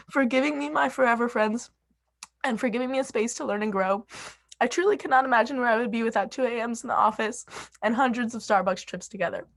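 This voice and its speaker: A young woman with a fairly high voice gives a tearful farewell on a video call. She stops and starts, laughs nervously, and keeps talking through the emotion. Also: fast talker, gravelly. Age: young adult. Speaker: student representative. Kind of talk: emotional farewell speech at online meeting.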